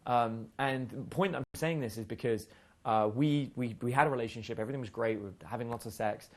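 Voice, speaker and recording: A man speaking as a dating coach, telling stories in a blunt, profane way and acting out the lines of the people in them. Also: mid-range voice. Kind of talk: casual storytelling monologue.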